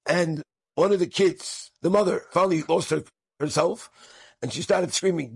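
A man's voice: fairly high pitch, normal speed, creaky, slightly rough, no echo. A man, a rabbi, telling an inspirational story with Yiddish and Hebrew words mixed into his English.

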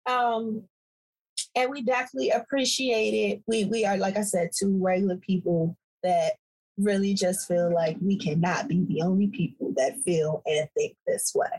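A woman co-hosting a podcast, chatting casually and playfully, laughing often and drawing some words out slowly. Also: medium pitch, steady tone, a little mellow, poor audio. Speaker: podcast co-host. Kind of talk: casual chat.

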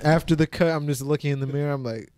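A man's voice: on the high side, little pitch movement, racing, very noisy. A young man co-hosting a podcast, telling stories in a laid-back way and laughing mid-sentence. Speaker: podcast co-host. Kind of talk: casual chat.

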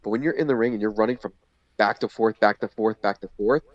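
A man's voice: lowish voice, quick pace, no echo. A man telling a long casual story as a podcast guest, rambling with lots of fillers and restarts. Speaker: podcast guest, former indie wrestler. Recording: slightly muffled lo-fi audio.

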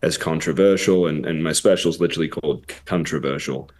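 A man's voice: a bass voice, brisk, darkish tone. A man with an English accent, a comedian guest chatting casually and telling jokes with plenty of swearing. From England. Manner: profane, joking storyteller. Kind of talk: casual podcast chat.

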